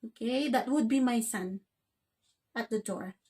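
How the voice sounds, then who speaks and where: Woman, English grammar teacher, fairly high voice, keeps saying okay. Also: a little slow, warm tone, breathy edge. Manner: says "okay?" after nearly every phrase. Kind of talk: grammar lesson.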